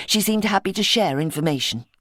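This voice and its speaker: A woman narrating a mystery audiobook in a measured, even storytelling manner, recorded close to the mic. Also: mid-range voice, no echo. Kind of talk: scripted narration.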